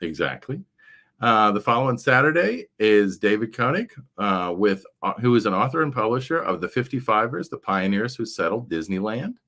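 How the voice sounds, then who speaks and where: A man's voice: on the low side, very animated, normal speed, a bit bright. A man hosting a casual livestream chat, rambling along with frequent fillers. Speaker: livestream show host.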